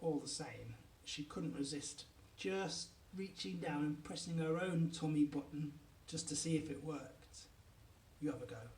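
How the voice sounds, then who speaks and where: A man's voice: a little high, a little slow, slight background noise. A man reading a children's book aloud, with chatty asides to listeners. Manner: animated, lots of asides to listeners. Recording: echoey room, mic at a distance.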